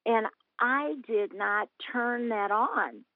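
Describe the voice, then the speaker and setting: A woman's voice: a little high, slow, no room sound, narrow, tinny audio. A woman in her eighties from Missouri, telling her faith testimony as an interview guest in an earnest storytelling way. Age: 80s. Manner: earnest storyteller, acts out quoted voices.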